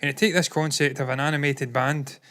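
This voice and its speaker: Emphatic man with a higher voice. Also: steady tone, a little fast, sharp tone. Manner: opinionated, emphatic, jokey. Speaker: co-host. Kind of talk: casual movie news chat.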